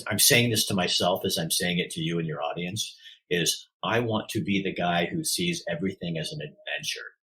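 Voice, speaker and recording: A middle-aged man with a deep, notably husky voice opens up as a podcast guest. He tells a personal story from the heart. His sentences often stall and restart as he searches for words. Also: sharp tone, poor audio.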